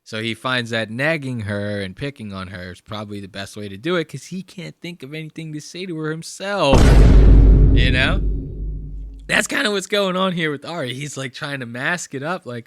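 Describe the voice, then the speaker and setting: A young male podcast host reacting to clips in casual, profane, rambling talk. His voice is bright and forward. The sound is dry and close. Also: medium pitch, expressive, normal speed, no echo.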